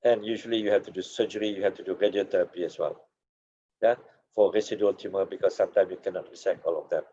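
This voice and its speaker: A man teaching a seminar as a paediatrics lecturer, losing his voice, with a hoarse tone and frequent "okay" and "yeah" tags. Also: fairly low pitch, dark tone, highs cut off, slight background noise. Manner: accented English, drops "okay" and "yeah" tags.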